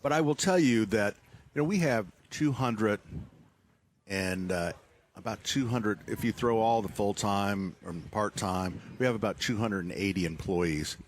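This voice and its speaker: A man's voice: on the low side, measured pace, a little hiss or hum. A man who runs a garden center, chatting casually and joking about himself on a live radio show. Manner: joking, rambling, self-mocking.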